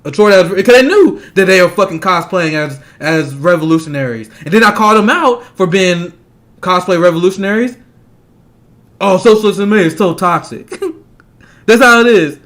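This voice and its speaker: This man's voice is high-pitched, expressive and fairly bright. Agitated, he fires off a profane political tirade at speed, breaking into scornful laughter between points like the heated commentator he is.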